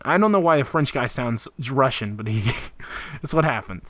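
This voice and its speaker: Animated and fairly bright, a medium-pitched man speaks at normal speed with no echo as he co-hosts an easygoing video game podcast, wandering off topic with lots of laughs and fillers.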